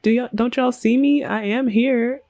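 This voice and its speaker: A woman's voice: on the high side, steady tone, moderate pace, mellow, no echo, faint music behind, voice pushed up, close to an everyday voice. A woman voicing a young woman in a life-sim game who feels ignored, speaking in a whiny, raised voice. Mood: indignant.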